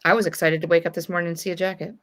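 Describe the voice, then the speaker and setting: A woman's voice: lowish voice, level tone, very fast, a bit bright. A woman calling into a friend's livestream and teasing him in a bossy, playful way. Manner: teasing, bossy, talks over. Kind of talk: casual teasing chat.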